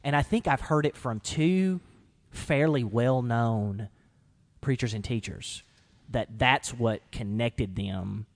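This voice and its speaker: A man of mid pitch hosts a relaxed conversation. He speaks in an animated way, jumping up in pitch as he plays out little quoted lines. His voice has a plain, everyday sound. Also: slow. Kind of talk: casual podcast discussion.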